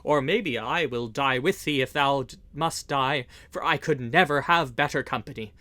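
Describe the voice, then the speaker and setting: A man voicing a bold, loyal outlaw who speaks forcefully in an old-fashioned storybook. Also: mid-range voice, moderate pace, lightly acted. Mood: bold defiant.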